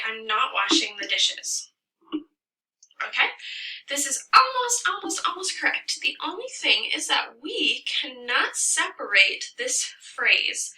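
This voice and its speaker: A woman's voice: a little high, bright, forceful tone, recorded from a distance, rough recording. A woman teacher giving a recorded lesson, explaining patiently and stressing the key words. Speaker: Spanish teacher.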